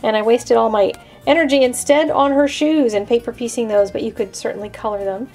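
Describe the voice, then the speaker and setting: Woman, craft tutorial host, chatty, step-by-step explaining, fairly high voice, faint music behind. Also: fairly quick, darkish tone. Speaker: card-making host.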